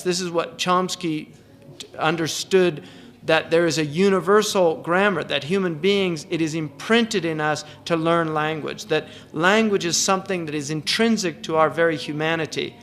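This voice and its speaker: A middle-aged man giving a reflective religious lecture, often restarting phrases and reciting verses quickly. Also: fairly high pitch, fairly bright tone. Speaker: Islamic scholar.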